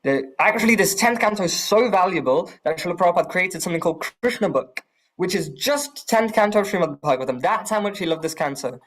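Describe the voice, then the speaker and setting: Lively man teaching a scripture class. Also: high voice, quick pace. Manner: lively, asks the class questions.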